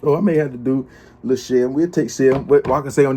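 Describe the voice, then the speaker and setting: A man's voice: medium pitch, fast, warm tone, slightly rough. A man giving casual livestream commentary, trash-talking and laughing often. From Charlotte, US. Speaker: blogger and livestream host.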